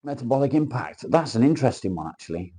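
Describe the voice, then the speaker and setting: A man's voice: medium pitch, sing-song, fast talker, warm tone, husky. A man hosting a casual livestream, reading viewer comments aloud and bantering crudely. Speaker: livestream host.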